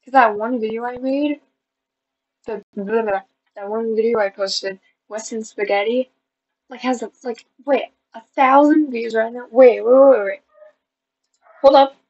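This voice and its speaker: Teary giggly girl vlogging at home, high voice, dull lo-fi sound. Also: moderate pace, a little mellow. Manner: giggly and self-deprecating, swinging between squeals and mumbles. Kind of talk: casual vlog chat.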